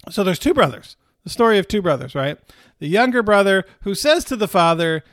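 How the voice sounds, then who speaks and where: Male pastor, sermon, conversational delivery, slightly high voice, dry sound. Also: expressive, brisk, a bit bright, dry recording. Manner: conversational, repeats phrases for emphasis.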